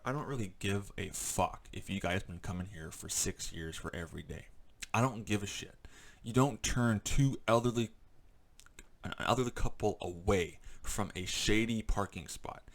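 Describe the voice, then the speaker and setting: A man delivers a heated, profanity-laden vlog rant in a fairly low voice. He rambles and stacks up fillers, still agitated and shaken. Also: measured pace. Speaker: vlogger. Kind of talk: angry ranting monologue.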